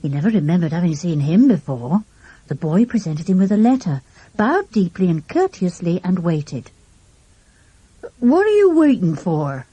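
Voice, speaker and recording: A woman narrating a children's storybook with an expressive, animated reading. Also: fairly low pitch, moderate pace, husky, no room sound, low-quality recording. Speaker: audiobook narrator.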